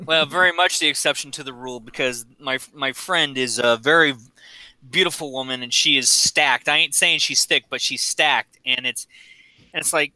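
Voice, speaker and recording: Brash, bright-voiced profane man. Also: medium pitch, moderate pace, dry recording, low-quality recording. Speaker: stream co-host. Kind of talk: crude casual banter.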